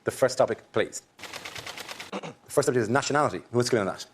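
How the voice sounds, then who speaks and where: A man hosting a comedy panel show, briskly announcing rounds in a TV studio. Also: medium pitch. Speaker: game show host. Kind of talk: scripted game show hosting. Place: TV studio with audience. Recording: loud studio audience noise.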